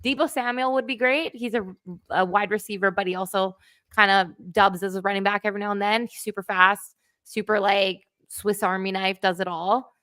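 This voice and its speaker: A woman's voice: mid-range voice, fairly even intonation, a little fast, a bit bright, no room sound, clean studio sound. A woman, chatting on a livestream, enthusiastic and talkative, laughing often. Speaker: guest co-host. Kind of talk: livestream chat.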